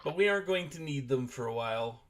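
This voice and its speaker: A man's voice: mid-range voice, lively intonation, quick pace, fairly bright tone, a little hiss or hum. A man on a casual gaming stream, explaining the rules of a board game while setting it up at his computer, talking hesitantly as he thinks aloud. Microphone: desk microphone at a computer.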